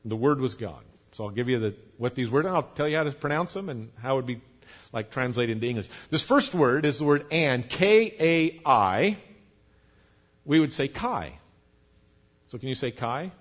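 A pastor preaching a sermon, explaining patiently, spelling out words, with light jokes for the congregation. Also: male voice, mid-range voice, fast. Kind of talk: sermon teaching.

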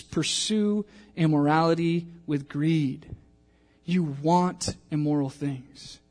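A pastor preaches earnestly in church, his fairly high, light voice carrying a darkish tone. As he goes, he gives voice to the thoughts of his listeners.

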